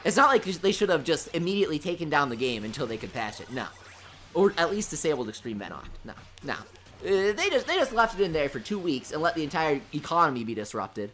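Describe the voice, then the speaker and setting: A man's voice: on the high side, a little fast, slight background noise. A young man hosting a live stream from home, reading viewer comments aloud and answering them with sarcastic jokes. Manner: sarcastic, animated and joking. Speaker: livestream host.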